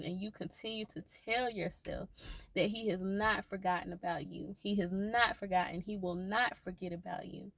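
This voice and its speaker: A woman's voice: mid-range voice, fairly even intonation, moderate pace, creaky, no echo. A woman talking earnestly to her viewers about faith, repeating reassuring phrases again and again. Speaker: faith vlogger. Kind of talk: encouraging faith talk to viewers.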